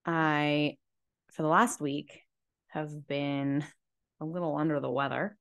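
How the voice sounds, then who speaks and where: A young woman with a stuffy cold and low energy, talking to camera in a slow, reflective personal monologue with many fillers, seated indoors in a chair. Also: steady tone, no echo. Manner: slow, slumped, soft-spoken musing with many fillers. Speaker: podcast host and tarot reader.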